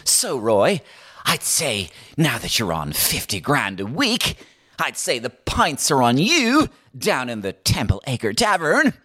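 Impression: man doing a stilted, stiff middle-aged TV host, slow delivery. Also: mid-range voice, huge pitch swings, bright, forceful tone, husky, voice pushed up, exaggerated voice. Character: stiff, formal middle-aged male TV chat-show host.

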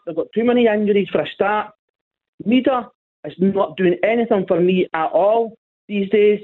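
A Scottish man calling a radio phone-in, grumbling and tagging "right?" onto his sentences. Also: on the high side. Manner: grumbling, repeats "right?" often. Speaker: caller. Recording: tinny phone line.

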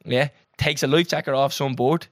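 A young Irish man co-hosting a podcast, telling a story in an animated, sweary, casual way. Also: mid-range voice, normal speed, dry recording, studio quality. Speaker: podcast co-host. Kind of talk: casual chat.

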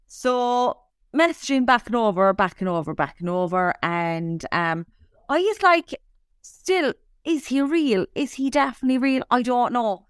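A young Irish woman telling an animated story on a podcast, swearing freely as she talks. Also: on the high side, smooth, dry recording, clean studio sound. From Ireland. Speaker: podcast co-host. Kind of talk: casual chat.

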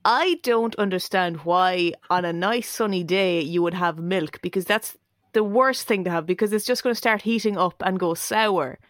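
A young Irish woman co-hosting a podcast, teasing her co-hosts in quick casual banter. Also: lowish voice, no echo, clean studio sound. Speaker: podcast co-host.

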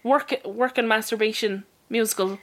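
A woman co-hosting a podcast, cracking crude deadpan jokes. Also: on the high side, normal speed, rough recording. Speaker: podcast co-host. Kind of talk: casual banter.

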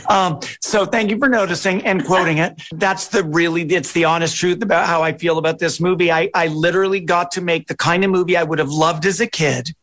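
Middle-aged man, film director guest, relaxed and chatty, self-deprecating. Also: a little high, a little fast, hardly any pauses. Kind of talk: interview answers.

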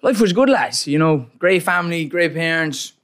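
A man's voice: a little high, expressive, normal speed, fairly bright tone. A young Irish man from Waterford, a boxer guesting on a podcast, chatting in an easygoing way and often adding "you know what I mean". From Ireland, Waterford. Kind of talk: casual chat.

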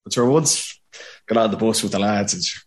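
A man's voice: on the low side, fairly quick. A man in his thirties with a Dublin Irish accent, telling a casual story as a podcast guest, full of acted quotes and laughter. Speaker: podcast guest, former footballer.

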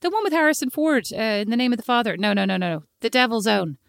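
An Irish woman co-hosts a chatty podcast, racing through her stories at a brisk clip. She is animated and self-mocking, and she slips into little voices when she quotes people. The sound is close and dry, with no room at all. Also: fairly high pitch, vocal fry, no echo. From Ireland. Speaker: podcast co-host. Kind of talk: casual storytelling chat.

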